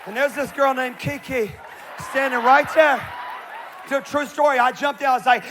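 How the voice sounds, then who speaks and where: High-voiced animated male preacher. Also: a little fast, raised voice, a faint crowd, slight background noise. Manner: animated, acts out voices in his stories. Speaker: pastor. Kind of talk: sermon with comic storytelling.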